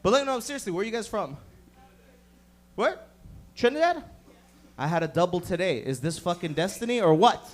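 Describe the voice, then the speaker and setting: A man's voice: high-pitched, sing-song, normal speed, long pauses. A man doing a stand-up set, riffing profanely with the crowd and acting out voices. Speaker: stand-up comedian. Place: comedy club stage.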